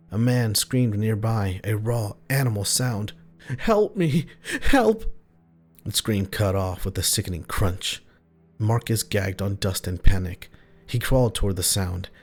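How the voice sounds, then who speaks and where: A man with a low, steady voice reads a horror story aloud in clipped, tense phrases. Faint music plays softly underneath his narration. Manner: terse, tense short phrases.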